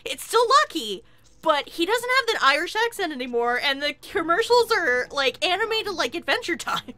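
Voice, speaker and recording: A woman chatting casually while playing a video game, excitable and quick to swear and laugh. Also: very high voice. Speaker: game streamer. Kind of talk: casual gameplay commentary.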